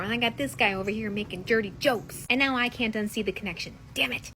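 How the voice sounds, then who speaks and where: A woman's voice: on the high side, quick pace, few pauses, a little hiss or hum. A woman in her thirties telling comedic stories about her family to the camera, acting out everyone's voices. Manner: animated, acts out voices of family. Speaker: social media storyteller.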